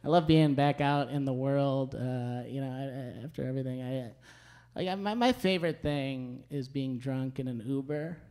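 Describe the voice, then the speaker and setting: A young man performing a stand-up comedy set on a club stage, telling stories in a deadpan way with punchy asides. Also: medium pitch, moderate pace. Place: comedy club stage before a live audience. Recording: live show with audience laughter.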